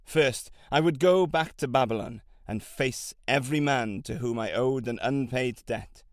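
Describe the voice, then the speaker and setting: A man reading an audiobook, voicing a determined middle-aged camel trader who was once a slave, in a measured, solemn way with old-fashioned phrasing. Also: medium pitch, dry recording, clean studio sound, lightly acted. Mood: resolute.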